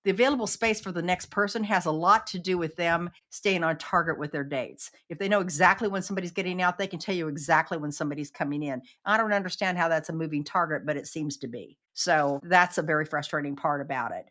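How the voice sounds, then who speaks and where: A woman's voice: lowish voice, fast, few pauses, a bit bright. A woman guest on an interview podcast telling a personal story earnestly and acting out the quoted exchanges.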